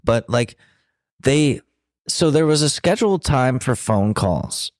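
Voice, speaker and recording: A man's voice: medium pitch, expressive, slow, darkish tone, no room sound, clean studio sound. A young man co-hosting a podcast, telling a candid story in a blunt, profane, self-deprecating way. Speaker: podcast co-host.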